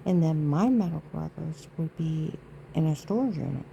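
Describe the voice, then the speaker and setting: A woman rambles through an indignant, aggrieved monologue for her vlog, emphatic and full of asides. Her voice sits low and dark, with a gravelly rasp, and a faint hiss runs underneath. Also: lively intonation, moderate pace, dull audio. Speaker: vlogger.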